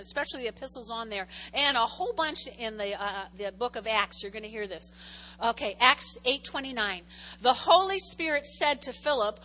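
A woman preaching a lively sermon, reading scripture aloud and calling on the congregation to answer. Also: on the high side, slight background noise. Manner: animated, calls on the congregation to respond. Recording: long hall reverb.

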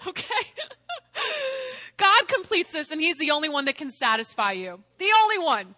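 Woman preacher, high and bright, animated, laughs a lot, acts out quotes. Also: a little slow, no room sound, clean studio sound. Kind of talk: sermon.

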